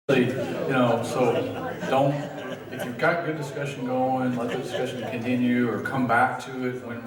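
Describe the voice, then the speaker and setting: A man leading a church study group, talking in a halting way with many fillers, and at times emotional. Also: mid-range voice. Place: church hall. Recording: echoey room, far from mic.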